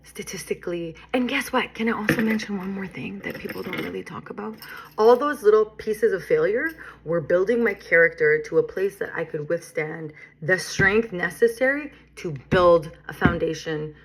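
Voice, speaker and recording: A middle-aged woman sharing her personal recovery story in a vlog, earnest and reflective, with pauses and frequent "right?" and "you know". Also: mid-range voice, a little hiss or hum. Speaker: recovery vlogger. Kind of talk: personal testimony to camera.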